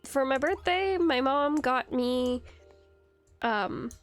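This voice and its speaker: Giggly rambling woman streamer, higher voice. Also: slow pace, soft background music. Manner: rambling, giggly, answers chat. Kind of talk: casual live-stream chat while gaming. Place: home computer setup.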